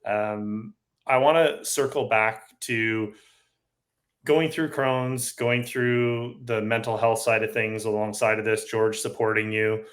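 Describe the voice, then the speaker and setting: A man hosting a podcast interview who affirms and restates his guest's points in a relaxed, casual way. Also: on the low side, takes it slowly. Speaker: podcast host.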